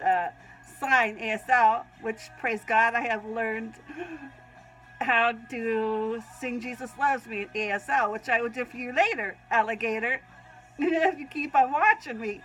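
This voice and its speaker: A woman's voice: fairly high pitch, fairly bright tone, low-quality recording. A woman with a Southern US accent reads her own Christian writing aloud, often breaking off to sneeze and giggle. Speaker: Christian vlogger.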